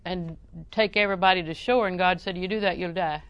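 A middle-aged woman preaching a sermon in a folksy, humorous way, often chuckling and breaking into loud acted exclamations. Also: lowish voice, steady tone, a little fast, smooth, no room sound, lo-fi sound.

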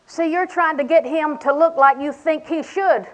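A woman's voice: high voice, moderate pace, slight background noise, low-quality recording. An older woman preaching a sermon in a folksy, humorous way, acting out little conversations. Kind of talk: sermon to a women's audience.

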